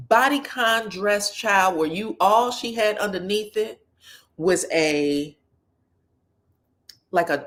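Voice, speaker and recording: Woman recap host, casual and sassy, mid-pitched, quotes people with playful flair. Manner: chatty and sassy, quoting people in lively put-on voices.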